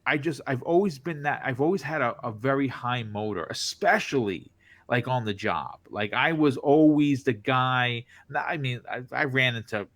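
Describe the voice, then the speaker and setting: A man telling stories as a podcast guest in casual chat, with a distinctive voice, animated and full of restarts. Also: medium pitch, moderate pace, dry recording. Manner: animated, lots of restarts, acts out quoted reactions. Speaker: podcast guest, content creator.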